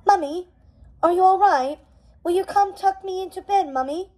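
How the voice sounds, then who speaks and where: A woman's voice: very high-pitched, normal speed, a little mellow, pitched above the performer's own voice. A woman doing a whiny, babyish prince. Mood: wailing. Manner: plaintive, wailing. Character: whiny childish adult prince, a man. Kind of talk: storybook readaloud.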